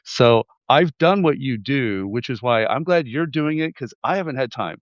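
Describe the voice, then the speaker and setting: A man from Texas hosting a remote interview from his apartment, easygoing and quick to chime in with short affirmations. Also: mid-range voice, animated, dry recording, dull audio. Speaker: host. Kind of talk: casual interview chat. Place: high-rise apartment in Kyiv.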